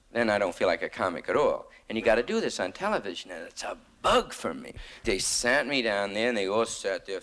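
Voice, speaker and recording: A man's voice: lowish voice, fairly bright tone. A young man doing a rambling, slangy stand-up monologue on stage. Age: young adult. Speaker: stand-up comedian.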